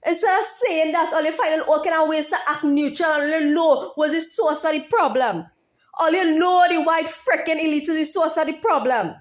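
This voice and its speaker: A woman's voice: sits high, moderate pace. A woman YouTuber speaking in an impassioned monologue, heated and profane, repeating her phrases over and over.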